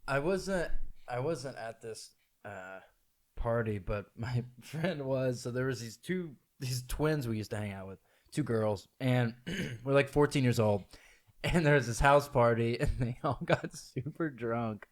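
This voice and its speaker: A man's voice: mid-range voice, a little slow. A young man hosting a casual podcast chat, laughing as he tells stories and acting out the people in them. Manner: laughs through stories, acts out quoted voices. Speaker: podcast host.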